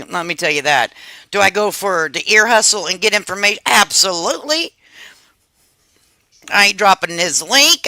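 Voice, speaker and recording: A woman's voice: on the low side, bright, forceful tone, no echo. A middle-aged woman hosting a live stream, delivering an angry, profane commentary rant. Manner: furious, profane, emphatic.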